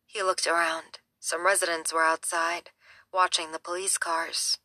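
A woman reading a novel aloud in a steady, measured storytelling manner. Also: lowish voice, no echo. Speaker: audiobook narrator. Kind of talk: scripted narration.

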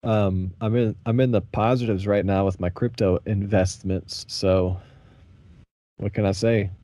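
A man's voice: fairly low pitch, steady tone, measured pace, dark tone, no echo. A man from the American South co-hosting a podcast in loose, profane, laid-back banter. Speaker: podcast co-host. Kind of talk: casual chat.

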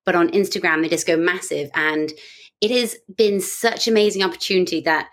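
A woman's voice: fairly low pitch, steady tone, brisk, fairly bright tone. A young British woman with a British accent, chatting as a podcast guest and telling stories in a breezy, self-mocking way. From Britain. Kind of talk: casual podcast chat.

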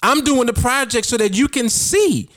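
With a very high, slightly bright voice at a moderate pace, a man coaches listeners in casual motivational talk, emphatic and repetitive. He hosts a podcast as a trading coach, and the recording is dry with clean studio sound.

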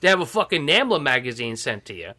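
A man's voice: medium pitch, big pitch swings, fast talker, pushed and bright. A man co-hosting a podcast, chatting casually with crude, sarcastic jokes. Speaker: podcast co-host. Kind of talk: casual chat.

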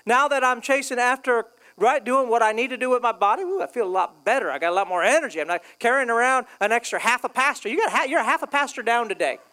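A man's voice: very high-pitched, expressive, fast, hardly any pauses, bright, forceful tone. A male pastor preaching a sermon in a casual, joking way, acting out quoted voices. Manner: jokey, conversational, acts out quoted voices. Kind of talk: humorous sermon.

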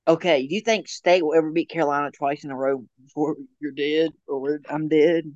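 Rambling young man, slightly high, lo-fi. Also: fairly even intonation, darkish tone, no room sound. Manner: rambling, laughs often, halting restarts. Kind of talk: casual chat.

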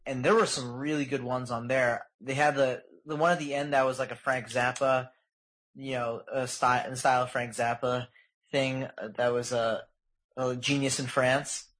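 A man's voice: medium pitch, steady tone, moderate pace, a bit bright, poor audio. A young man co-hosting a podcast, chatting with enthusiasm and plenty of laughter. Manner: enthusiastic, laughing, bursts into sung and mimicked bits. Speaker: podcast co-host. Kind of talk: casual chat.

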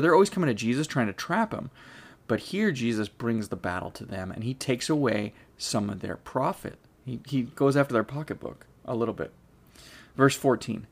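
A man teaching a Bible study, explaining the passage in a relaxed, conversational way and thinking aloud as he goes. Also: medium pitch.

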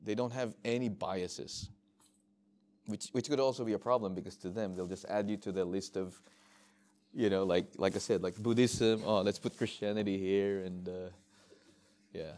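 Aussie-raised missionary guy chatting to a group, acts out little scenes, lots of restarts, lowish voice. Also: normal speed. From Australia. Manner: animated storyteller, acts out dialogue, frequent restarts. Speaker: missionary speaker. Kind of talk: informal workshop talk.

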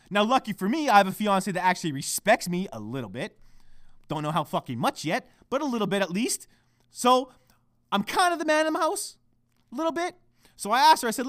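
A young man hosting a podcast, swearing heavily as he rants, going from shouting to hushed muttering. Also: very high voice, expressive, a little fast, dry recording, clean studio sound. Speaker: podcast host. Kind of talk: profane solo podcast rant.

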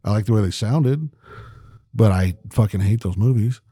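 A man co-hosting a podcast in casual chat, profane and rambling, getting animated as he retells movie scenes. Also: fairly low pitch, moderate pace, slightly rough, no echo, clean studio sound. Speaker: podcast co-host.

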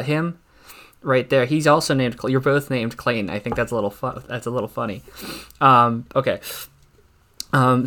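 A man's voice: mid-range voice, a bit bright. Stammering young man doing awkward stand-up. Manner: halting, stammering, full of fillers and restarts. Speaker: stand-up comic. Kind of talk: awkward deadpan stand-up act.

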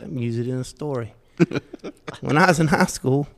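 A middle-aged man with a Southeast Georgia drawl tells self-deprecating stories with a gravelly edge to his voice. He chuckles often as he talks. The sound rings with a long reverb, as if recorded in a large room. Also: medium pitch, measured pace. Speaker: podcast guest. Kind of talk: casual storytelling.

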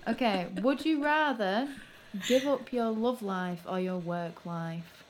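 A woman's voice: medium pitch, slow pace, slight background noise. A young woman with a Bolton accent co-hosting a podcast, teasing dryly in casual chat. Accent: Bolton, northern English. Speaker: podcast co-host.

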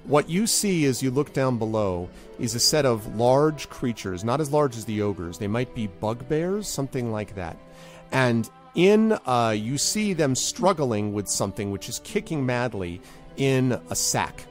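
A man runs a tabletop role-playing session as game master. He talks in a loose, relaxed way, full of ums and uhs, at an ordinary middle pitch. Faint music plays behind him. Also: a little slow. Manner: relaxed, with many fillers.

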